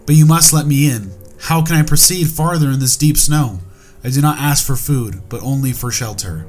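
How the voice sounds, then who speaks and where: A man's voice: mid-range voice, normal speed, darkish tone, faint music behind, natural voice. Man voicing a young snow spirit woman. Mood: pleading. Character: pretty young female snow spirit, calm.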